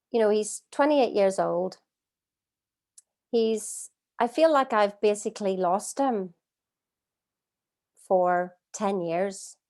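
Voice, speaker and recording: A middle-aged woman leading a live online coaching masterclass from home, earnest and expressive, asking her audience many rhetorical questions. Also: mid-range voice. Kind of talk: live-streamed coaching talk. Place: at home, streaming by video call.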